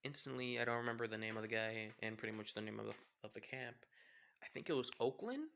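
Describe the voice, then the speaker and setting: A man's voice: on the low side, animated, fast, vocal fry, a bit bright. A man casually retelling a fan story, rambling with fillers and self-corrections.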